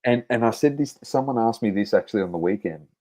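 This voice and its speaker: Male podcast co-host, low warm voice, blunt swearing football banter. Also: lively intonation, fast. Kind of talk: casual sports chat.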